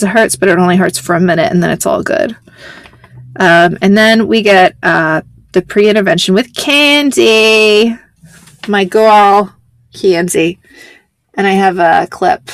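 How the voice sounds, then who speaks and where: A woman's voice: medium pitch, creaky, no echo. A woman hosting a casual podcast, rambling through a show recap, laughing often and swearing casually. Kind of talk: casual chat.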